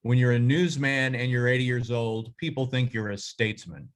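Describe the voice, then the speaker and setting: A man's voice: medium pitch, fairly even intonation, normal speed, close to an everyday voice. A man voicing an older radio disc jockey who gives blunt, matter-of-fact advice.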